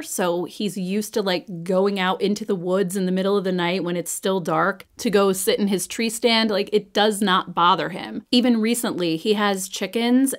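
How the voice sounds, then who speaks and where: A woman in her twenties or thirties, telling a true ghost story in a chatty, animated way with lots of filler words. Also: medium pitch. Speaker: storyteller host. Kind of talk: get-ready-with-me story chat.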